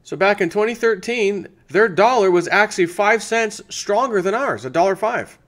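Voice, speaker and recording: A man's voice: high voice, expressive, moderate pace, fairly bright tone. An American man hosting his own channel, casually chatting through a sponsor segment and thinking aloud with restarts. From United States. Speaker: channel host.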